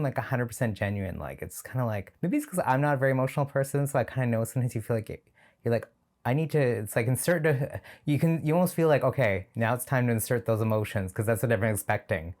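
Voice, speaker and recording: A man's voice: mid-range voice, animated, fast, darkish tone. A man hosting a reaction video, talking casually and sardonically and laughing often.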